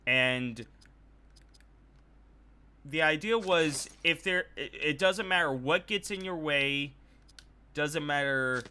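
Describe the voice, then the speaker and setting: A man's voice: fairly high pitch, slow pace, pauses often, pushed and bright, clean tone. A man streaming a game and telling a rambling, loose story with frequent self-corrections. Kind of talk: casual storytelling while gaming.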